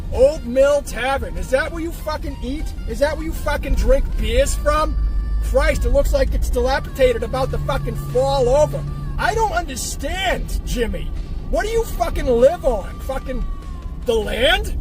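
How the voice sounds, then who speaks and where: A man cutting a brash, profane wrestling promo, mocking his opponent while driving a car. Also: very high-pitched. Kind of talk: trash-talking wrestling promo.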